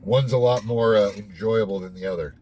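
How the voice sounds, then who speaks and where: A young man with a fairly low voice talks through a devotional reading in a loose, candid way, stopping to reflect and dropping the odd swear word. A faint hiss sits underneath him. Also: a little fast, mellow. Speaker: host. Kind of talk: casual devotional monologue.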